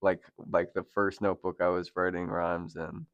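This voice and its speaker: A young man hosting a casual chat, relaxed and slangy, laughing often. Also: deep voice, normal speed, no echo, lo-fi sound. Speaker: podcast host interviewing a rapper.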